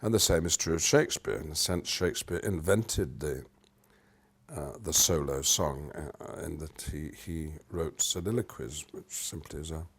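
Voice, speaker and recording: With a husky bass voice at normal speed, an older British actor explains things in an interview. His speech swings animatedly between loud and soft and falls into humming rhythms.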